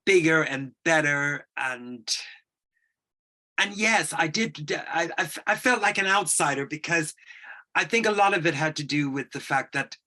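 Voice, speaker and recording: A middle-aged man with a husky, bright voice tells a personal story in an interview. He talks hesitantly, with frequent restarts and fillers. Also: fairly high pitch. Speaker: interview guest.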